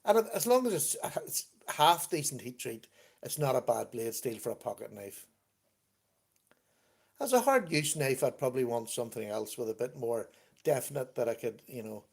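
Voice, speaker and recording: A man's voice: medium pitch, expressive, normal speed, gravelly, breathy edge. A man hosting a casual livestream from his computer at home, chatting, laughing often and reading out viewer comments. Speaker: livestream host. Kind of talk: casual chat.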